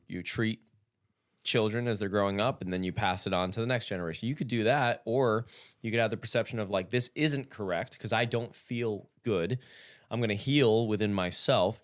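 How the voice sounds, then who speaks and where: A man hosting a casual podcast chat, talking bluntly and swearing a lot, getting loud and animated as he tells stories. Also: on the low side. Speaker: podcast host.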